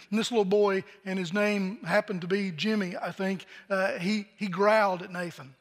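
A man's voice: sits high, steady tone, normal speed, hardly any pauses, fairly bright tone, in a large hall. An older man from preaching a sermon to a congregation, talking conversationally and throwing questions at the crowd. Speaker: pastor.

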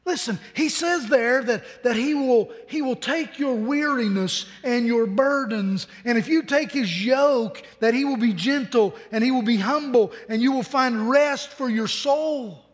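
A man's voice: very high-pitched, a little slow, few pauses. A man preaching a sermon in an earnest, conversational way, often repeating words as he goes. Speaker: pastor. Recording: long hall reverb.

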